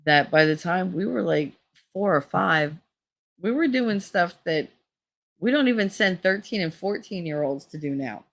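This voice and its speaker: A woman in her fifties with a low, gravelly voice, chatting to camera. She rambles through stories, swears freely and laughs often. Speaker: channel host. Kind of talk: casual storytelling.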